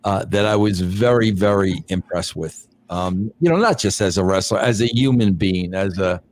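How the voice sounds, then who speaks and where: A man hosting a casual podcast chat, reading viewer messages in a laid-back, drawn-out way. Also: low-pitched, slight background noise. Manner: laid-back, drawn-out, says bro a lot. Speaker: podcast host.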